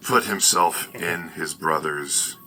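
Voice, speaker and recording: A man's voice: extremely low pitch, slow, sharp tone, soft background music, rough recording. A man playing a tabletop game, thinking aloud about his character. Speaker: player.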